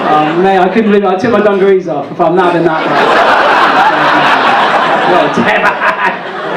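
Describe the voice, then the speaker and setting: Guy rambling through a standup set, self-mocking, echoey club with loud crowd noise. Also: high voice, moderate pace, distant mic. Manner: rambling, self-mocking delivery with false starts. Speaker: stand-up comedian. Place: comedy club stage. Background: audience laughing.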